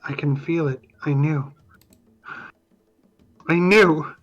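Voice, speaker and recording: A man's voice: a little high, takes it slowly, fairly bright tone, highs cut off, faint music behind. A man playing his character in a tabletop game, earnest and a little hesitant. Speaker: player.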